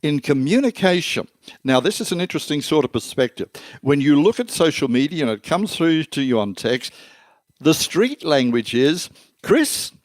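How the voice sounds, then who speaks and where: A man's voice: a little high, lively intonation, moderate pace, no echo. An older man, a marketing expert answering interview questions in an emphatic way that builds long lists of terms.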